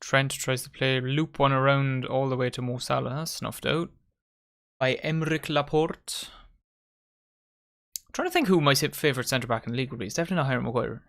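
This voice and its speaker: A man hosts a live match watchalong at a medium pitch. He calls the play in a casual, chatty way and banters with his mates and viewers as the game unfolds. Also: a little fast, vocal fry, fairly bright tone. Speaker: watchalong host.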